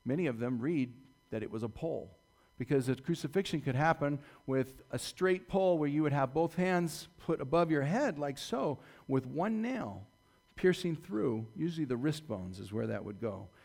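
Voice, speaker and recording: A man preaching a sermon, retelling a story dramatically and swinging from loud to hushed delivery. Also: medium pitch, normal speed, creaky. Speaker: pastor.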